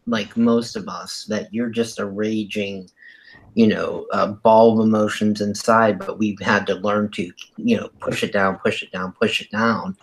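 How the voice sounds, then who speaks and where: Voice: low-pitched, steady tone, measured pace, husky, low-quality recording. A middle-aged guest in a casual chat, telling a story in a plain, practical way. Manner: matter-of-fact, practical.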